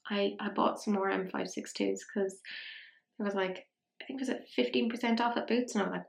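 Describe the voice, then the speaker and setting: A young woman talks through her makeup look in a chatty, self-mocking way, slipping into whispers as she blends. Her voice has a gravelly fry to it. The room rings with noticeable echo. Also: medium pitch, steady tone, brisk. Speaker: beauty vlogger. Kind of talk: casual makeup tutorial chat.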